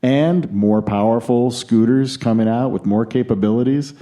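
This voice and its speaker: A man's voice: medium pitch, moderate pace, mellow. An American man hosting a podcast in a casual news chat, with jokey, opinionated asides. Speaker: podcast host.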